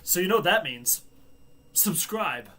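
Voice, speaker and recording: A man hosts a casual live stream from a home setup. He rambles and jokes to himself, laughing easily. His voice sits slightly higher than most men's. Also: animated, measured pace, sharp tone. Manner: joking, chatty, talks to himself, laughs often. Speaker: livestream host.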